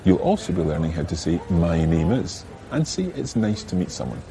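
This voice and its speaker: A Scottish man teaching a podcast language lesson, patiently modelling each word slowly and carefully. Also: low-pitched, sing-song, creaky. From Scotland.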